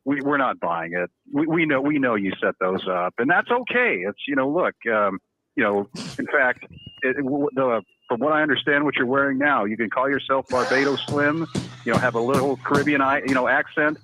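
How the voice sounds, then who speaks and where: A man's voice: medium pitch, expressive, normal speed, bright, forceful tone, dry recording. A man calling in to a podcast, rambling and joking with many stammered restarts. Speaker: caller. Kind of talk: phone-in chat. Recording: dull lo-fi phone line.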